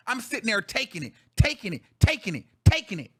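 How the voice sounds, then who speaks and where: Man, host, very high voice, bright and sharp, heated profane venting. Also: animated, fast. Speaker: show host. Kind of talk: angry reaction rant.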